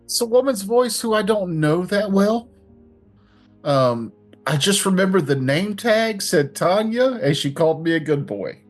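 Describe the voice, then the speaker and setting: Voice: mid-range voice, a little slow, soft background music. A player in a tabletop game telling a joking backstory. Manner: joking, lively. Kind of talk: tabletop role-play chat.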